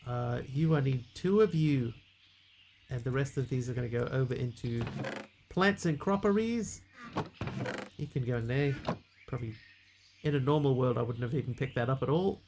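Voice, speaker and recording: A man's voice: mid-range voice, moderate pace, gravelly, pauses often, darkish tone, a little hiss or hum. A man playing a game on a live stream, chatting casually with viewers and yelping aloud whenever his character takes a hit.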